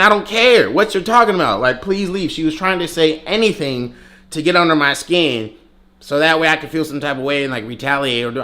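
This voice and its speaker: A young man telling a storytime vlog in an animated way, full of "you know what I'm saying". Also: on the high side. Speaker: vlogger.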